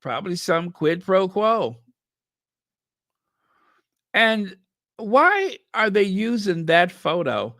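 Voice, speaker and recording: A man's voice: high voice, sing-song, slow pace, pauses often, sharp tone, no room sound, studio quality. A man hosting sarcastic gossip commentary, drawing out his words with sardonic emphasis and reading headlines and viewer comments aloud. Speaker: commentary channel host.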